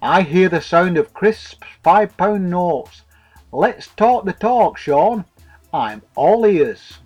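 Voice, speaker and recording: A man's voice: high voice, lively intonation, slow, a little mellow, dull audio, faint music behind, pitched above the performer's own voice, exaggerated voice. A man voicing a scruffy, slobbish caravan owner who is crude, jovial and mocking. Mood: greedy.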